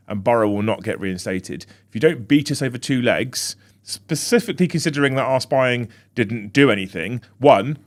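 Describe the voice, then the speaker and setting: A man co-hosting a football fan podcast in casual chat, reading out viewer comments with quick asides. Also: fairly low pitch. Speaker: podcast co-host. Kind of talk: casual live-stream chat.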